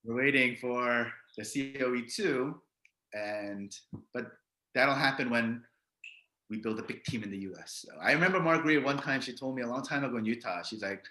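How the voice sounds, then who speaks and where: A man with an American accent chats as an interview guest over a video call. His voice is bright and forward, and his room adds a clear echo. He is easygoing, laughs often and tends to trail off. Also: mid-range voice, moderate pace. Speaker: guest, business leader. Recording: roomy echo.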